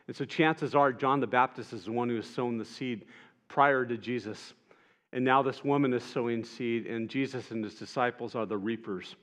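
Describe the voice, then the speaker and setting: A man preaching a sermon in an earnest way, rising to emphatic peaks and dropping soft and tender at moments. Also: mid-range voice. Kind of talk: sermon retelling gospel scenes.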